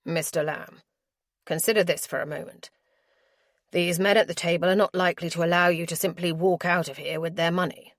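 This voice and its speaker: A brooding nobleman, as a woman narrator puts him on, talks in a low, firm and persuasive voice. The reading is close and dry. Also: steady tone, brisk, no room sound, natural voice. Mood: urgent. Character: brooding, protective aristocratic gentleman.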